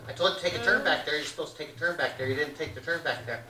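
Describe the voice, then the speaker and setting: A man's voice: racing, pushed and bright, recorded from a distance, a little hiss or hum. A man doing a droning, nagging mom. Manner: low, droning, repetitive nagging. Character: nagging middle-aged mother, repeating complaints. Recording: roomy live theater audio from afar.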